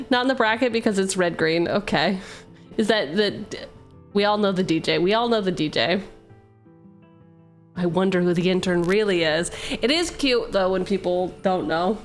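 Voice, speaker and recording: A woman's voice: medium pitch, measured pace, pauses often, soft background music. A young adult woman hosting a casual live stream about building a card-game deck, playful and teasing, mixing card text with banter. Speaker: streamer host.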